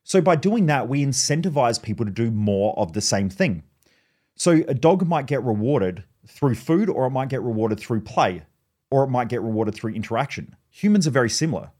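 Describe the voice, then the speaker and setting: A man hosts a solo podcast, talking bluntly with casual swearing. He tells his stories in an animated, conversational way. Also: mid-range voice, normal speed. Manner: blunt, profane, animated storytelling. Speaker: podcast host. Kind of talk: podcast monologue.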